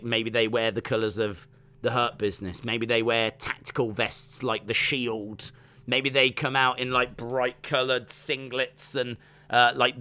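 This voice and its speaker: Chatty man, bright voice. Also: mid-range voice. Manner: rambling, chatty, full of fillers. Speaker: wrestling watch-along streamer. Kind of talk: casual live-stream commentary.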